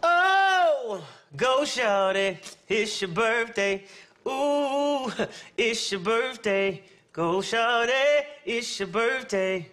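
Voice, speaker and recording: A man chants a birthday rap with a relaxed, rhythmic flow. His voice is high for a man, and he delivers each line very slowly. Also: faint music behind.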